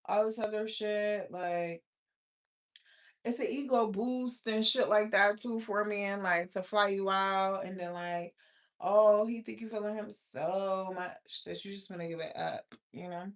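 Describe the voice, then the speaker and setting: A woman's voice: medium pitch, unhurried. A woman in her thirties talks straight to her livestream viewers. She is blunt and profane, and she rants with a lot of energy as she reacts to their comments. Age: 30s. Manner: blunt, profane, animated ranting. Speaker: livestream host. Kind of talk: casual livestream chat reading viewer comments.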